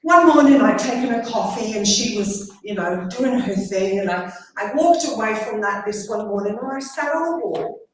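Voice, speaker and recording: A woman's voice: medium pitch, animated, normal speed, slight background noise. A woman therapist giving a motivational stage talk, telling a story to an audience. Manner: warm storytelling, engages the audience. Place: large conference hall. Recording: echoey hall, heard from a distance.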